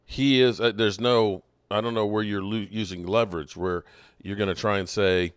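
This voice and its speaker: A man's voice: fairly low pitch, steady tone, normal speed, clean tone, no room sound, clean studio sound. A man hosting a sports podcast, talking through his thoughts casually with frequent restarts. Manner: conversational, thinking aloud with restarts. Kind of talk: casual commentary.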